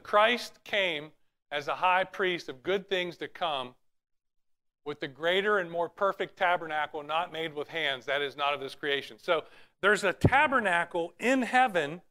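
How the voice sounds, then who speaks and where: A man with a high, bright voice preaches earnestly in a church. He reads scripture aloud and often restarts his phrases as he works through each point. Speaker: pastor. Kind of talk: sermon.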